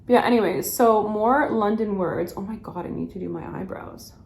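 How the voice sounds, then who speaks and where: A woman's voice: mid-range voice, normal speed, vocal fry, reverberant, slight background noise. A woman, chatting through a makeup routine and rambling with lots of "like" and laughter. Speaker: beauty vlogger. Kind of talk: chatty get-ready-with-me.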